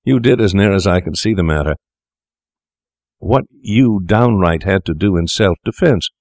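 A calm, persuasive young doctor, as a male reader puts him on, smooth and quietly menacing. His voice sits deep and low, and the dry, close recording has no room sound around it. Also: normal speed, no echo. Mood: coaxing.

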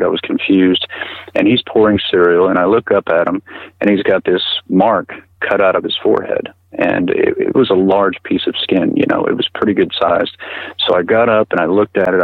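A middle-aged man telling his story in an interview, halting and repeating words with many fillers, heard over a tinny phone line. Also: sits low, breathy edge, dry recording. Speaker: guest recounting personal experience.

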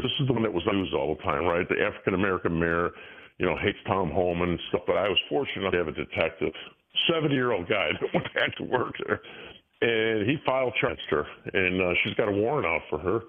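A man in his sixties tells his stories in an animated rush, stumbling and restarting as he goes. His voice sits on the low side and comes through a thin, tinny phone line. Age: 60s. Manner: animated storytelling with frequent restarts. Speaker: guest. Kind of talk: casual interview talk.

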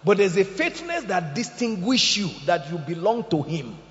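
A man preaching a sermon in an animated way, shouting out quotes and laughing along with the room. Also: high-pitched, moderate pace. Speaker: pastor. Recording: echoey hall, dull lo-fi sound.

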